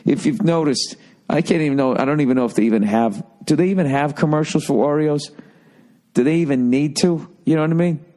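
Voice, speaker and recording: A man's voice: fairly high pitch, a little fast. A middle-aged man hosting a podcast, telling a rambling, profanity-heavy story and mimicking people as he goes. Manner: animated, swearing, mimics people. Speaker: comedian podcast host.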